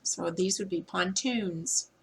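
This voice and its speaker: A woman teacher recording a reading lesson, explaining vocabulary words patiently and clearing her throat now and then. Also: fairly low pitch, a little hiss or hum. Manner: patient, explanatory, spells out word meanings slowly.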